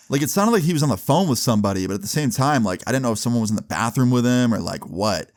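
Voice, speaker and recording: Young male vlogger, mid-pitched, rattling off a funny story in loose casual slang. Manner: animated, slangy, fast retelling with lots of "like" and "dude".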